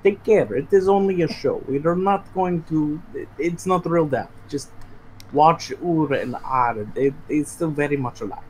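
A player voicing a protective Russian man in a put-on Russian accent, speaking low and calm. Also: measured pace, a little hiss or hum, low-quality recording. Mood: calm, reassuring.

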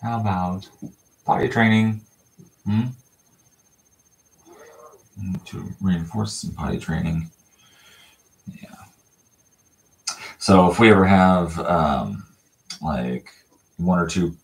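Deep-voiced man, easygoing rambler. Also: low-quality recording. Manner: rambling explanation with many fillers and restarts; coos baby talk to the puppies. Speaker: dog breeder hosting a puppy livestream. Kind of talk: casual livestream chat. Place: home puppy pen, indoors.

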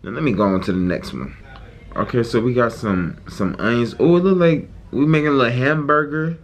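A man's voice: mid-range voice, lively intonation, brisk. A man hosting a casual reaction video, talking in a brash, profane and exaggerated way.

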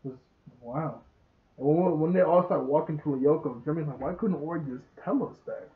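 A young man reviewing a show rambles through a casual episode recap at a moderate pace, his voice a little high. He laughs often and acts out the characters' lines, and the recording has a tinny, phone-like sound.

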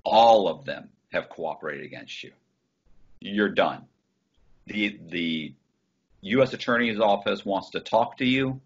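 A man's voice: lowish voice, unhurried, pauses often, breathy edge. A man, a guest telling his story casually, swearing often and quoting others as he goes. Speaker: interview guest. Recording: muffled video call audio.

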